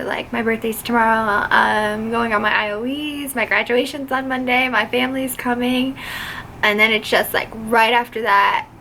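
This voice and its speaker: A woman's voice: fairly high pitch, a bit bright, a little hiss or hum, rough recording. A young woman vlogging about finishing flight attendant training, gushing and emotional, close to tears, talking casually with lots of filler words. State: teary, on the verge of crying. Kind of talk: casual vlog chat.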